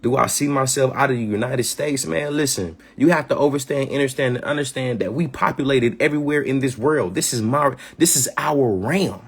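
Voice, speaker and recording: A husky-voiced man speaks on a live stream, firing up into passionate, slang-heavy talk full of swearing and repeated phrases. His voice sits in an ordinary middle pitch with a slightly rough, breathy edge. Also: a little fast, hardly any pauses. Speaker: host of a live community gathering.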